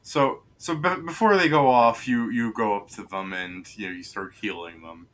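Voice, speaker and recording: A young man narrating a tabletop game as game master, in a rambling way full of fillers and quick asides. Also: fairly low pitch, fairly bright tone.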